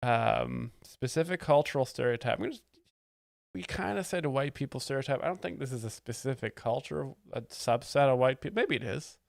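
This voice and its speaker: A man's voice: mid-range voice, animated, fairly quick, gravelly, no echo, studio quality. A man hosting a live stream, explaining stand-up jokes in a sarcastic, mock-expert tone. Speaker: comedy stream host. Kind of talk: casual live-stream commentary.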